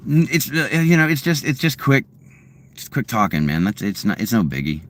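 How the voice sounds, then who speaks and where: A man's voice: medium pitch, very animated, normal speed. A man in his late thirties chatting casually and answering viewers, meandering with many fillers and restarts, often chuckling. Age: 30s. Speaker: streamer answering chat. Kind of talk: rambling casual chat. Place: home.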